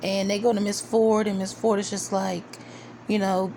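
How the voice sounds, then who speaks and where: A woman casually recapping a TV episode, chatty and quoting the characters in animated asides. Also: mid-range voice, moderate pace, a little hiss or hum. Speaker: video reviewer.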